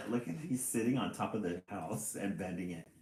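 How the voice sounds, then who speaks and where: A man reading a picture book aloud on a livestream, chatty and quick to laugh, greeting viewers between pages. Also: lowish voice, animated, a little hiss or hum. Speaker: storyteller and livestream host. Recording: roomy echo.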